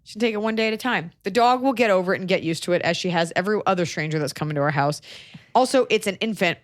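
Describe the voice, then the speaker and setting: A woman hosting a podcast, chatting casually with wry, deadpan jokes. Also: on the low side, rapid-fire, no echo, clean studio sound. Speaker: comedian podcast host. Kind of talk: casual chat.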